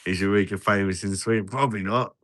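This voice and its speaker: A British man with a low voice hosts a laid-back live stream over drinks. His tone is forceful and bright-edged. He rambles through jokey banter, chuckling often. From Britain. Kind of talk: casual live-stream chat while drinking.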